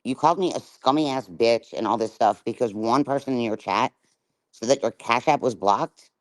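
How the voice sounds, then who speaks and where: A woman's voice: very deep voice, moderate pace, no room sound, low-quality recording. A middle-aged woman on a livestream, ranting in a confrontational, taunting way and swearing hard. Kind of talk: livestream rant.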